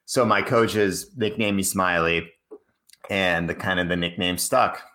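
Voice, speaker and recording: A man in his thirties from Cambridge, Massachusetts, a guest telling stories in casual talk, animated and laughing often. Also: deep voice, a little slow. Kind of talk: casual storytelling.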